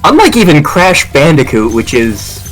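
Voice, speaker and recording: A young man co-hosting a game stream, rambling and joking as he plays. His voice sits a bit high and bounces around a lot. Game music hums in the background. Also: very animated, moderate pace. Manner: rambling, joking, laughs often. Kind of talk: casual game commentary.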